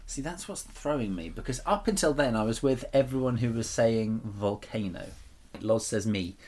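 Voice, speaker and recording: A man's voice: medium pitch, lively intonation, moderate pace, a little mellow. A man co-hosting a casual podcast, jokey and teasing, often laughing as he talks. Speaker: podcast co-host.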